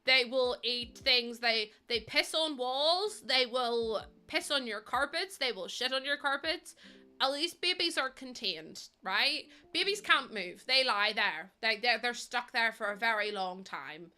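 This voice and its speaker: Chatty bright-voiced young woman streamer. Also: fairly high pitch, lively intonation, unhurried. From UK or Ireland. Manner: chatty, rambling and exasperated, with frequent ums. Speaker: livestreamer. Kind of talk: casual chat with viewers.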